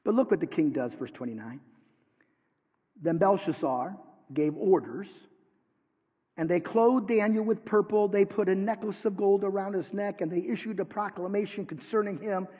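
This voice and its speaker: A man who is a pastor, preaching a sermon with dramatic swings from hushed lines to near shouts. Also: high-pitched, normal speed. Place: church sanctuary. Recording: dull sound with long hall reverb.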